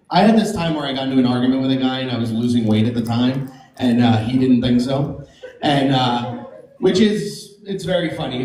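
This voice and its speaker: A woman's voice: low-pitched, dark tone. Woman, stand-up comedian, profane, brash, laughs at own jokes, echoey club room. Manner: brash, profane, laughing through her punchlines.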